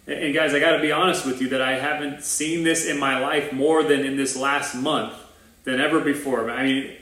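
A man's voice: mid-range voice, steady tone, normal speed, a bit bright. A man preaching a sermon as pastor of a new church, earnest and informal, with restarts and asides. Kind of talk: conversational livestream sermon. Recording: roomy echo.

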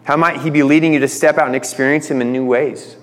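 A man's voice: fairly high pitch, steady tone, fast. Male pastor in a reverberant hall. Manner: conversational, retells stories with voiced quotes. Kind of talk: sermon.

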